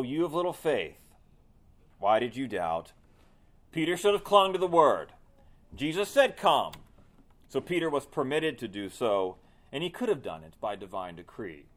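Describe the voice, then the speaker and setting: Male pastor preaching with rising emphasis. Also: a little high. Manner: preaching with swelling emphasis and quiet drops. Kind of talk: sermon.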